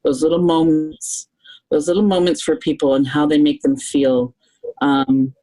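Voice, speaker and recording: A middle-aged Canadian woman with a notably low voice talks as a podcast guest. Her delivery is earnest and reflective. She thinks aloud and often circles back to restart a sentence. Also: steady tone, moderate pace, dark tone, low-quality recording.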